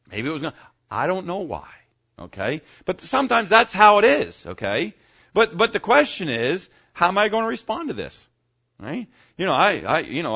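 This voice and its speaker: Folksy pastor preaching, lively pitch. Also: male voice, highs cut off. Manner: folksy, conversational preaching with frequent "okay?" check-ins. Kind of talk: sermon.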